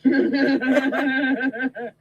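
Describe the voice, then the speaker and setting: A man's voice: very high-pitched, flat delivery, extremely slow, highs cut off, a crowd in the background. A man in a casual conversation, talking in a matter-of-fact, profane way with hesitant fillers. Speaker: guest in conversation.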